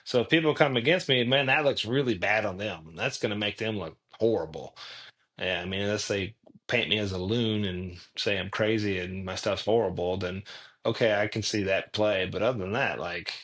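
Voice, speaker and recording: A man's voice: lowish voice, normal speed, a bit bright. Earnest man telling stories animatedly. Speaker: guest, clothing tech founder. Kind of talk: casual interview storytelling.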